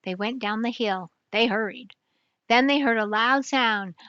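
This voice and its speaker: An older woman reading a picture book aloud in a slow, clear, even way. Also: on the high side, no room sound, lo-fi sound. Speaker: storyteller.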